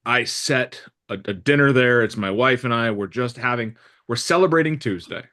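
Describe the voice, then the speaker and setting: Speaking at a moderate pace with a medium-pitched voice, a man runs a live real estate training session for a room full of people. He's lively and blunt, mimics customers and staff, and drops crude jokes along the way.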